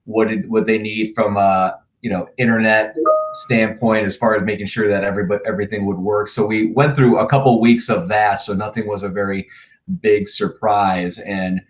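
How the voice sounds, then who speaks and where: A managing partner talking casually in a remote interview, relaxed and plain-spoken, with frequent "uh"s and restarts over a video call. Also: male voice, fairly low pitch, moderate pace. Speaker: managing partner of an insurance agency.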